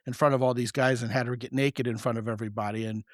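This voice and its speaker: A man hosting a podcast, telling stories in a joking, animated way. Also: mid-range voice, fast talker, dry recording, studio quality. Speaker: podcast host. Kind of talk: casual podcast conversation.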